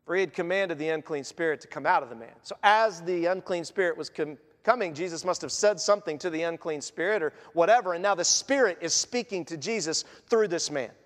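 A man, a pastor, preaching a sermon in an animated way, acting out the scenes and voices of the story he tells. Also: on the high side, brisk, hardly any pauses, in a large hall.

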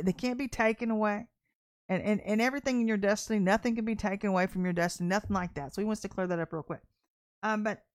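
A woman's voice: mid-range voice, no room sound, clean studio sound. A woman preaching a sermon in a blunt, conversational and emphatic way.

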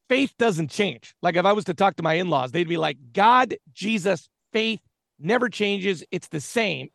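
A man co-hosts a faith talk show, talking in an earnest, reflective way. His voice is high with a gravelly fry running through it, recorded dry and close. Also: a bit bright, no echo. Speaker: podcast co-host. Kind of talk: casual chat about faith.

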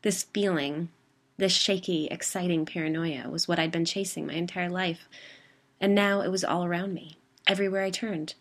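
A woman hosting a podcast, reading her own story in a calm, measured way. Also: fairly low pitch. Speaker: podcast host and narrator. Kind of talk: scripted story narration.

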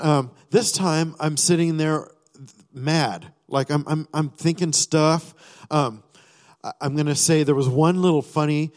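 A man sharing a personal testimony during a sermon, rambling with many fillers and restarts, and acting out his own thoughts and prayers. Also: on the high side. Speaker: church speaker sharing a testimony. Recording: long reverb of a large hall.

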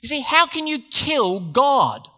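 Lively high-voiced preacher. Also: male voice, takes it slowly. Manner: lively, conversational, joking asides to the congregation. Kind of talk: sermon.

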